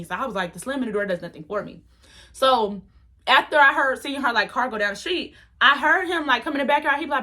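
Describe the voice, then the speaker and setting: A young woman telling a storytime vlog story in an animated, dramatic, slangy way. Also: high voice, fast. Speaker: vlogger.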